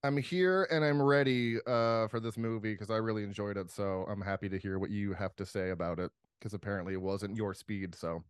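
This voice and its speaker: A man's voice: on the low side, fairly even intonation, a little fast, hardly any pauses, smooth, no room sound, studio quality. A man co-hosting a horror podcast, chatting in a laid-back, easily amused way. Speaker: podcast co-host. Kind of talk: casual chat.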